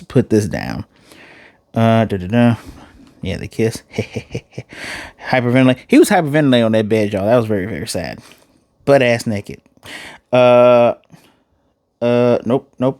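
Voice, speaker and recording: A man giving a casual, animated recap as an anime reviewer, acting out quotes and using fillers. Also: medium pitch, no room sound, studio quality. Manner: animated, acts out quotes, uses "y'all" and fillers.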